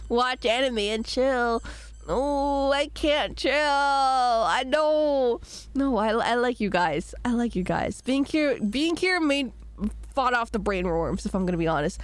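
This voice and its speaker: A woman's voice: fairly high pitch, lively intonation, unhurried, no echo. A young woman streaming while sick, chatting casually and rambling between giggles as she reads chat aloud. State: sick, voice rough.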